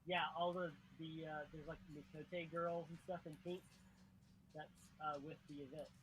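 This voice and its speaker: A man's voice: on the high side, flat delivery, moderate pace, breathy edge, poor audio. A young adult man co-hosting a game stream, talking casually and hesitantly, full of fillers and self-corrections. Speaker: livestream co-host. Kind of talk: casual gameplay chat.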